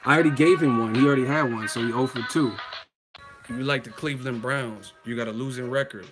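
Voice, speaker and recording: A man's voice: medium pitch, steady tone, fast, music in the background. A man hosting a livestream reaction show, trash-talking in a brash, profane way. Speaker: boxing channel host.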